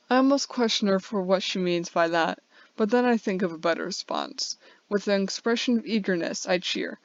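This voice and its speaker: A woman reads a first-person short story aloud in an earnest, even way, now and then stumbling and restarting a word. The recording is dry, with no room echo. The sound is a little dull and lo-fi. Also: lowish voice, normal speed. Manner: earnest, with small slips and restarts. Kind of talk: first-person fiction reading.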